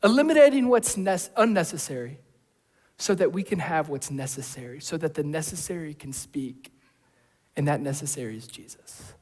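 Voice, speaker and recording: A man preaching a sermon, acting out voices, going from shouts to hushed tones. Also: a little high, lively intonation, moderate pace. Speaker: pastor. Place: church hall. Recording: long hall reverb.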